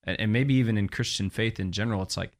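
Low-voiced man, relaxed evangelist. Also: fast. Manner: relaxed, chuckles while talking. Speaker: guest, evangelist. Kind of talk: casual conversation.

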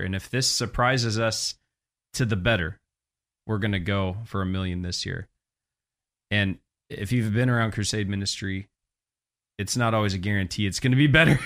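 Low-voiced man, relaxed evangelist. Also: gravelly. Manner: relaxed, chuckles while talking. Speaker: guest, evangelist. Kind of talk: casual conversation.

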